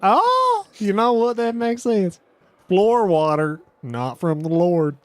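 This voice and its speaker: Man doing a cowboy, Western drawl, folksy, high lively voice. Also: takes it slowly, dry recording, heavily acted. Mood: alarmed. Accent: put-on Western cowboy.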